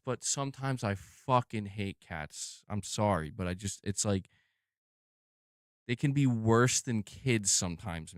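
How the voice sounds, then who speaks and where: A man's voice: mid-range voice, clear, resonant tone, dry recording, clean studio sound. A man streaming live, commenting on gaming news in a casual, slang-heavy, profane way. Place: home room.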